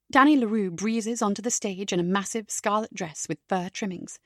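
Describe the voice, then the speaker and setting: A woman narrating a mystery audiobook in a measured storytelling manner. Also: medium pitch, a bit bright, no room sound, clean studio sound. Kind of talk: scripted narration.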